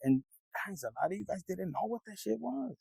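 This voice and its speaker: A man's voice: sits high, very animated, a little fast, creaky, warm tone, husky, no room sound, poor audio. A man giving a casual tarot reading, rambling and streetwise, swearing freely as he talks to viewers. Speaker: tarot reader.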